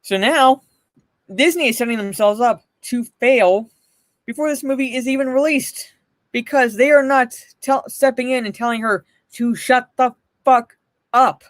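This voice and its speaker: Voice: medium pitch, unhurried, dry recording. A livestream host giving blunt, profane, mocking commentary and answering chat messages.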